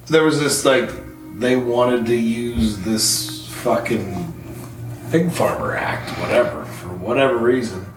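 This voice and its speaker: Man guest, foul-mouthed animated storyteller; echoey room, off-mic, music underneath. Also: medium pitch, slow, far from the mic. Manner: profane, animated storyteller acting out quotes. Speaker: podcast guest. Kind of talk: casual storytelling. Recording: roomy echo, off-mic, music bed.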